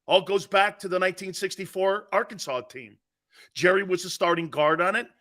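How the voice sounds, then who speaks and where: A man hosting a live sports talk show, telling stories in an animated, rambling way with many asides. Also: high voice, brisk. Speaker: sports talk radio host.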